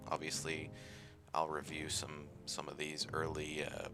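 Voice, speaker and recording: A man's voice: extremely low pitch, completely flat delivery, measured pace, over loud music. A man hosting casual let's-play commentary, rambling and self-deprecating with lots of fillers. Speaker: gaming channel host.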